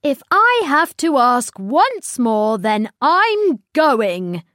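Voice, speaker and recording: A woman with a British accent voicing a grumpy old male farmer in a children's storybook reading, cross and begging for quiet. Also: high-pitched, big pitch swings, very slow, dry recording, clean studio sound, full character voice. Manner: cross, pleading for silence.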